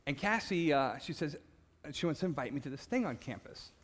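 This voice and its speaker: His voice is on the high side and his pace a little fast as he gives a personal faith testimony. By his own account he's passionate and loud, an animated storyteller who chuckles at himself and trips over repeated words.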